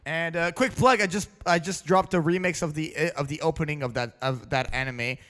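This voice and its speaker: A young man from Canada hosting a casual podcast, excitable and laughing often as he pitches wild ideas. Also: fairly quick, long reverb tail. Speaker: podcast host.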